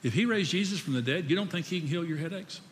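An older man preaches a sermon conversationally in a church hall, asking his audience questions and joking at his own expense. His fairly high voice is expressive and quick, with the echoey hall and a little hiss or hum in the recording.

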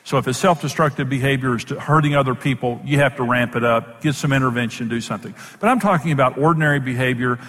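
A man's voice: mid-range voice, fast talker, few pauses, a bit bright, big-room sound. A man who is a Bible teacher and program host, giving an emphatic, plain-spoken sermon-style teaching in numbered points.

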